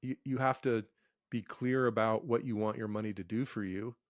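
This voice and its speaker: A man's voice: lowish voice, steady tone, moderate pace, dry recording, studio quality. A middle-aged man who is a comedian and author, speaking as a guest in a casual interview, thoughtful, with stammered restarts and wry asides.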